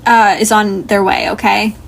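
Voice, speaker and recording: A woman's voice: mid-range voice, flat delivery, normal speed, creaky. A woman putting on a flustered camp nurse. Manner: fussing, stammering.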